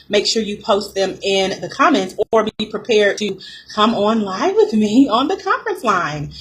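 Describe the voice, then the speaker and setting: A woman's voice: medium pitch, fairly bright tone, slightly rough. A woman business coach hosting a live coaching call, upbeat and greeting listeners by name. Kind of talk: live-stream coaching talk. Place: home office with a fan running. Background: fan hum and distant thunder.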